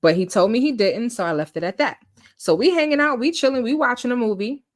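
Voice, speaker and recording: A woman telling a personal story in casual chat, animated, acting out quotes and laughing often. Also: on the high side, fast talker, dry recording, clean studio sound. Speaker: storytime host.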